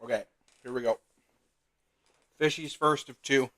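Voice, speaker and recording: A man's voice: mid-range voice, a little slow, a bit bright. A man hosting a live trading card break, chatting casually with viewers by name and talking while eating. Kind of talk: casual livestream chat.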